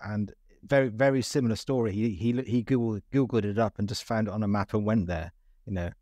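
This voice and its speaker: A man's voice: on the low side, steady tone, fairly quick, dark tone, dry recording. A man hosting a podcast, asking loose, encouraging questions in a casual chat. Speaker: podcast host.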